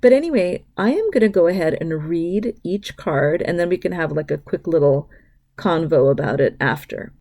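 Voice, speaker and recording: A middle-aged woman hosting her own podcast, reading listener locations aloud and chatting casually with bursts of excitement. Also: on the low side, normal speed. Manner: warm, gushing shout-outs to listeners, bursts of excitement. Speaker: podcast host. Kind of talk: casual solo podcast talk.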